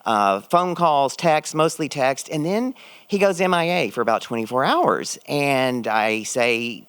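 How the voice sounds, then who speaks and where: A middle-aged man telling a personal story on stage, expressive and shooting his voice up when excited. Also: medium pitch, measured pace, smooth, dry recording. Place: stage at a live event.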